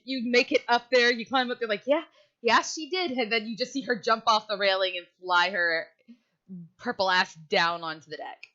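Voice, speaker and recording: A woman's voice: medium pitch, steady tone, moderate pace, bright, forceful tone. A woman game master narrating a tabletop game in a playful, laughing manner. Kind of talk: tabletop role-play narration. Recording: muffled lo-fi mic.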